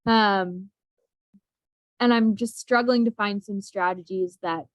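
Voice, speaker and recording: A young woman teacher speaks openly and with self-deprecating humor, often breaking into a laugh. Her voice sits at an ordinary middle pitch. The recording is close and dry, with no room echo. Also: steady tone, slow pace. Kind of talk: casual group discussion.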